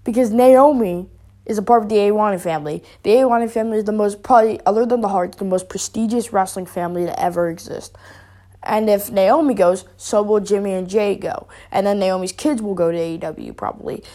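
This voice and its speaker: Woman, vlogger, casual rant, rambling, filler-heavy, dark mellow voice. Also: medium pitch, a little fast. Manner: rambling, with many fillers and restarts. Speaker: wrestling vlogger.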